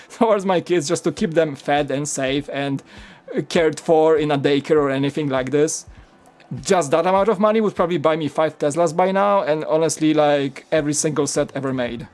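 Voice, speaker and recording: A man's voice: a little high, normal speed, darkish tone. A man in his thirties hosting a live stream, chatting casually and laughing often.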